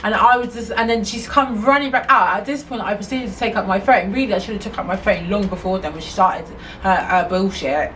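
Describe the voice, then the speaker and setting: A woman telling a storytime vlog in a chatty, indignant, animated way. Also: medium pitch, brisk, hardly any pauses. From England. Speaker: vlogger. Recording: slightly distant mic, faint noise.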